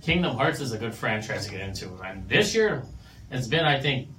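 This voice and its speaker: A man's voice: mid-range voice, expressive, quick pace. Laid-back young male radio co-host. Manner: laid-back, rambling gamer talk. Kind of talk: casual radio chat. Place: small radio studio. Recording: roomy studio sound, mic at a distance, faint noise.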